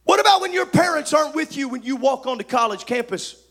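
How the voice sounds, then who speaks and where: A man preaching a sermon, emphatic, swinging from shouted lines to soft asides. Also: very high-pitched, expressive, fast talker.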